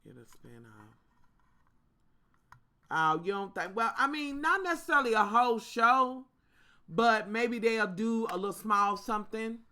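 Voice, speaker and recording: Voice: mid-range voice, expressive, a little slow, pushed and bright. A vlogger, ranting in a sassy, profane way straight to the viewers in a casual storytime. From Kentucky.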